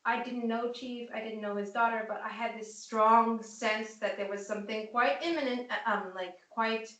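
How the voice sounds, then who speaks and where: A woman's voice: fairly high pitch, fairly even intonation, normal speed, a bit bright. A woman co-hosting a casual discussion, telling stories in an earnest way. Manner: earnest storytelling. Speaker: co-host. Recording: roomy, distant mic.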